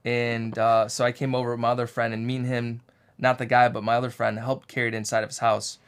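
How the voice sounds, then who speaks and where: A man's voice: mid-range voice, level tone, fast, clear, resonant tone. Male co-host, 30s, easygoing rambler who jokes and acts out quotes. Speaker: co-host of a sewing channel. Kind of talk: casual chat.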